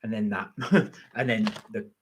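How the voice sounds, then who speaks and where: A middle-aged man hosts a live stream as a vlogger, chatting casually and rambling while he eats. His voice is fairly low with fairly even intonation and an unhurried pace. There's a little hiss or hum in the audio.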